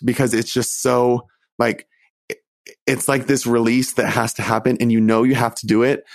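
A young man earnestly telling a personal story, halting often and restarting his sentences. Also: medium pitch, no echo. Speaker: storyteller recounting his coming out.

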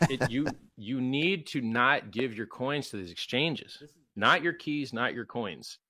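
A man's voice: medium pitch, lively intonation, takes it slowly, pushed and bright. A man being interviewed, talking emphatically and acting out quoted exchanges in mocking voices. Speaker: guest, crypto founder. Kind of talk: animated interview talk.

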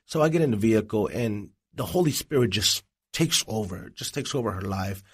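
A man, a Christian evangelist, telling his life story as an interview guest in an earnest, animated way. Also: on the low side, a little fast, husky. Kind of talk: personal testimony in an interview.

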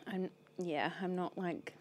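A woman's voice: lowish voice, fairly even intonation, slow, darkish tone, a little hiss or hum. A woman co-hosting a podcast, chatting casually with short reactions and easy laughs. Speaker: podcast co-host. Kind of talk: casual chat.

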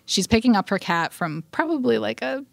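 A woman's voice: on the high side, a little fast, creaky, dry recording, clean studio sound. A woman co-hosting a podcast, retelling a story in casual chat with lots of fillers and quoted voices. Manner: animated retelling, acts out quotes, frequent fillers. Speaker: podcast co-host.

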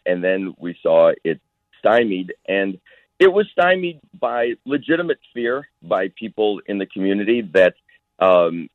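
A man who is a physician, calling in as a guest to a radio interview and speaking in a measured way with frequent hesitations. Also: low voice, no room sound. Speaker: guest physician and school board candidate. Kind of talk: phone-in interview. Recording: tinny phone line.

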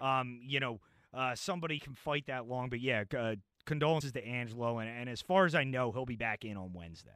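A man's voice: mid-range voice, brisk, fairly bright tone, smooth, no echo. A man hosting a call-in sports talk radio show in a casual, chatty way from a studio mic, often stumbling and repeating words. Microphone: studio microphone.

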